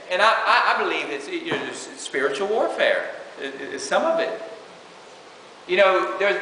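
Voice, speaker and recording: A man preaches an informal sermon in a high, pushed, bright voice, reading scripture and chatting with lots of "you know"s. The recording has an echoey hall and a faint hiss.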